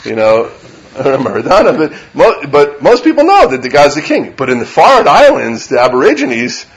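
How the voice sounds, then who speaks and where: Here the same kind of speaker, a middle-aged rabbi teaching a class, talks at a normal pace in a fairly high voice that swings hugely in pitch. His informal Torah lecture to a live audience is conversational, peppered with "right?" and Hebrew and Yiddish terms within his English.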